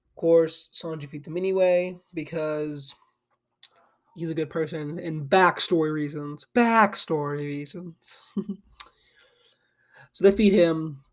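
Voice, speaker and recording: A young man with a slightly high, mellow voice hosts an anime channel from his home desk on camera. Sleepy and yawning, he retells a story in a loose, rambling way packed with "like" and restarts.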